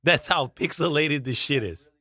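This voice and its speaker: A man's voice: fairly high pitch, animated, moderate pace, bright, forceful tone, no echo. A man co-hosting a comedy podcast, telling rambling stories with lots of laughter and swearing. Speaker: podcast co-host. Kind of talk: casual comedy podcast chat.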